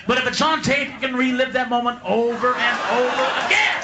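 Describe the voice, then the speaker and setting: A man's voice: very high voice, fairly even intonation, quick pace, hardly any pauses, heavy background noise. A man doing a stand-up comedy routine on a club stage, ranting profanely with sudden screaming bursts. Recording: live club recording, echoey, loud crowd. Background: crowd laughter and applause.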